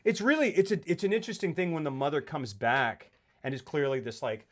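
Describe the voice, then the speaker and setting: A man co-hosting a casual film discussion, animated and acting out quotes in put-on voices. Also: a little high, fairly quick. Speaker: podcast co-host.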